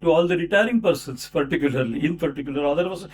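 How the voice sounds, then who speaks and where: A man's voice: a little high, quick pace, slight background noise. A man giving a formal speech at a book launch, introducing an author with rhetorical questions and asides. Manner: rhetorical, with many fillers and asides.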